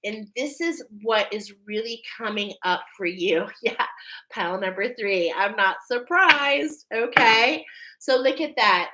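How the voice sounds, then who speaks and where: Woman card reader going live: bright, emphatic delivery, emotional, preacher-like, always checking in with listeners. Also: on the high side, rough recording. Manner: emphatic, checks in with "okay?" constantly. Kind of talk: live oracle card reading.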